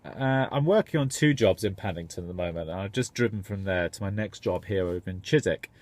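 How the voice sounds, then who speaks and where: A man's voice: low-pitched, expressive, fairly quick, a little mellow. A man, a tradesman, rambling enthusiastically in a casual vlog. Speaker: tradesman contractor.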